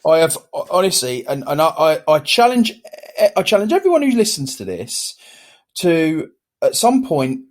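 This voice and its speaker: A man's voice: a little high, moderate pace. A British man co-hosting a casual podcast chat, acting out little everyday exchanges as he talks. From United Kingdom. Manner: animated, acts out little exchanges. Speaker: podcast co-host.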